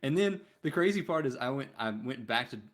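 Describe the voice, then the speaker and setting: A man co-hosting a casual gaming podcast, telling a story with lively acted-out quotes. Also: medium pitch, a little fast. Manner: animated storytelling, acts out game characters in quotes. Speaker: podcast co-host.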